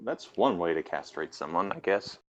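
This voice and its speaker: A man's voice: sits low, lively intonation, normal speed. A man co-hosting a casual podcast, reading aloud and dropping dry, wry asides. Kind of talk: casual joking group reading. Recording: dull lo-fi recording.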